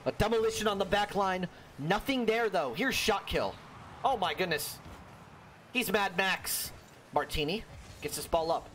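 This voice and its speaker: A young man giving solo play-by-play commentary on a video game match, excitable and jokey, with a worn-out voice. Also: sits high, unhurried, pauses often, a little hiss or hum. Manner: excitable, jokey, frequent exclamations. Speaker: esports caster.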